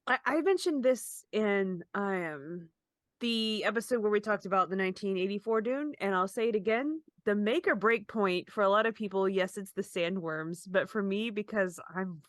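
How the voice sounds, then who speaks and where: A woman co-hosts a podcast in relaxed conversation, her mid-range voice at normal speed, rambling, self-deprecating and laughing often. The recording is dry with clean studio sound.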